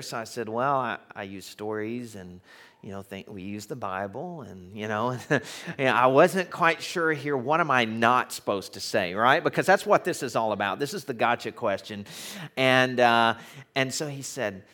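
A man preaching in a theater, telling a story in a chatty, animated way with many fillers before reading scripture aloud. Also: mid-range voice, normal speed. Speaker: pastor. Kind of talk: sermon with storytelling.

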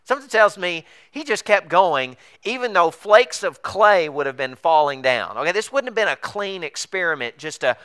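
A pastor preaching a sermon, telling a story with animated, acted-out dialogue. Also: male voice, normal speed, hardly any pauses, clear, resonant tone. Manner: animated storytelling, acts out dialogue with big pitch swings.

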